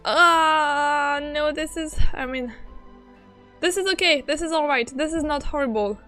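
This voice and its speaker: A woman streaming her reactions to a game, flustered and excitable, reading story text aloud in between. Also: high voice, measured pace, soft background music.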